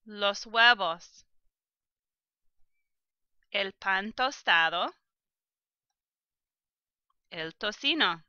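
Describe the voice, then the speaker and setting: A woman teaches a recorded vocabulary lesson, sounding out each word slowly and with care. Her voice is bright and smooth. The recording is close and dry, with a slightly muffled tone. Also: mid-range voice, lively intonation, dry recording. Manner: slow, careful pronunciation of vocabulary. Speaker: language teacher.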